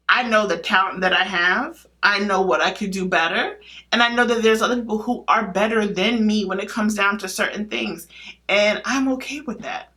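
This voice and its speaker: A woman giving her opinions in a casual vlog, blunt and emphatic, asking herself rhetorical questions and answering them. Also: medium pitch. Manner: blunt and animated, with casual slang. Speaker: beauty vlogger.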